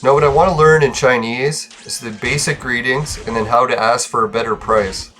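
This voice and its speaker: A man talks in a loose, rambling way, swearing freely and breaking into laughs as he goes. His voice sits at an ordinary middle pitch for a man. A faint hiss of background noise runs under him. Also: a bit bright. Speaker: gaming channel host. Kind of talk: casual rambling chat.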